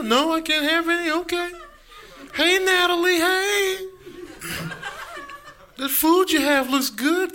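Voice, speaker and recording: A hungry pet dog begs in a high, whiny, wheedling voice, as a man puts it on on stage. It keeps pleading meekly and repeats itself. Club noise hums clearly behind it. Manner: whiny, wheedling, repetitive begging.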